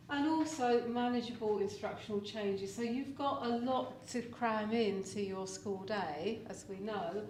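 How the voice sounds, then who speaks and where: A woman's voice: medium pitch, darkish tone. Woman lecturer, workshop leader, practical and instructive, mic far off in a noisy room. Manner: practical, gives step-by-step tasks to the audience. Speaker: teacher-education lecturer leading a workshop. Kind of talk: conference workshop talk. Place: large conference room. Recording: roomy distant recording with background noise.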